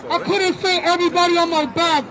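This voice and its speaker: A man's voice: extremely high pitch, level tone, low-quality recording. Impassioned man speaking at a street rally. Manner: impassioned, with halting restarts. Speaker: protest speaker. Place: outdoor city street march. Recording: live street feed amid crowd noise. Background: crowd and street noise.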